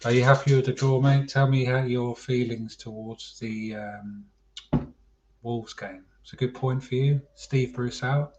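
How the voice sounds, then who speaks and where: A man's voice: medium pitch, fairly even intonation, a little slow, a little mellow, slight background noise. A man hosting a casual football chat livestream, chatty and calling his viewers mate. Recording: dull lo-fi stream audio.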